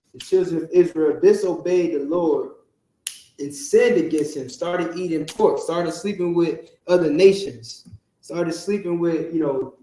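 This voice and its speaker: A man's voice: a little high, mellow. Man lecturing in a very echoey room. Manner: keeps checking in with the listeners. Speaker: teacher. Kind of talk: classroom lecture. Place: classroom. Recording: very echoey room, distant from the mic.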